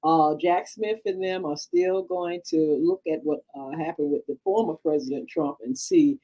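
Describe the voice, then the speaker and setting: A woman hosting a radio talk show in a lively, casual way, laughing and joking often. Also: fairly low pitch, normal speed, creaky, breathy edge, low-quality recording. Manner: animated, laughs often, sings playful jingles. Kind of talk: casual chat.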